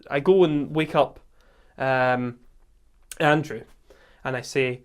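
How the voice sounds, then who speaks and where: A man with a Scottish accent, hosting a podcast and telling a camping story in a casual, animated way, acting out quotes and laughing often. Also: medium pitch, slow pace, pauses often, clear, resonant tone. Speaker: podcast host.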